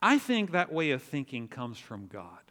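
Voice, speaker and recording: A man preaching a sermon, telling a story in an animated way and acting out the quotes. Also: mid-range voice, normal speed. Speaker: pastor. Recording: long reverb of a large hall.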